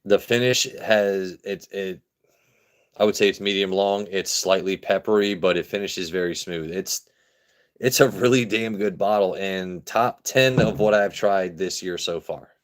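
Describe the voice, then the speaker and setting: Deep-voiced and unhurried, this American man hosts a whiskey review live stream. He jokes casually with the chat, going over the same words again as he reads comments.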